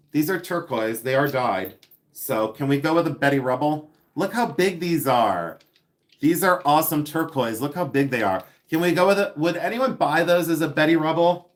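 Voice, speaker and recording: A man's voice: mid-range voice, a little hiss or hum. A man hosting a casual live stream while unboxing items, chatty and giggly, reading viewer comments aloud and repeating words for fun. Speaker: live-stream seller and host.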